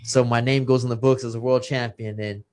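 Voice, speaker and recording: A man's voice: medium pitch, flat delivery, a little fast, a little mellow. A man, a retired boxer, telling a personal story in an earnest, emotional way and quoting the people in it. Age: 30s. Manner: emotional, earnest, quotes others' words. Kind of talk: personal storytelling in casual chat.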